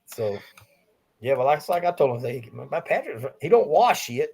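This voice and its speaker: A man's voice: mid-range voice, sing-song, moderate pace, gravelly, a little mellow, breathy edge. A man with a coastal Southern Geechee accent co-hosting a casual talk show, rambling in a laid-back way with frequent chuckles. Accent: Southern US, coastal Geechee-tinged. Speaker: podcast co-host. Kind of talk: casual chat.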